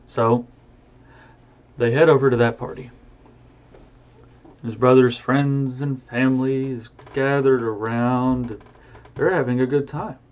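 A man retelling a story casually and expressively, with sound effects, on a dull lo-fi recording. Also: medium pitch.

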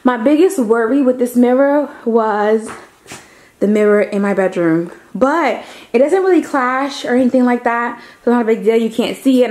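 A woman chatting casually on her home decor vlog, giddy and drawn-out in her emphasis. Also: a little high, darkish tone, reverberant. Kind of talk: casual chat. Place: home living room, indoors.

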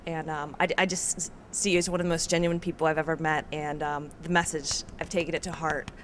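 A woman's voice: sits low, level tone, brisk, a bit bright, slight background noise. A woman giving a gushing, heartfelt audience testimonial. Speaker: audience member. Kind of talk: enthusiastic testimonial.

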